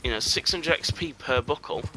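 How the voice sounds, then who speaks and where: A man's voice: mid-range voice, normal speed, pushed and bright, a little hiss or hum. A man streaming a game, chatting casually and rambling with lots of "you know" and "um" fillers. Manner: drops to a near whisper while sneaking up on game. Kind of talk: casual live gameplay commentary.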